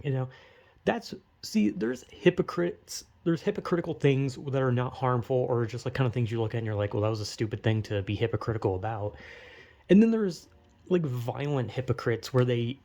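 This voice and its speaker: A man's voice: medium pitch, vocal fry, warm tone. A man talking to camera in a rambling, casual rant, full of fillers, restarts and swearing. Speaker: video creator. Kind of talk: casual ranting monologue.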